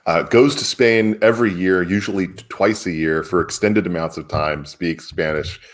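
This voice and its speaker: A man with a very low, deep voice co-hosts a casual chat about current events. He argues emphatically and sounds incredulous, breaking into chuckling asides. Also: normal speed. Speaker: publisher and co-host.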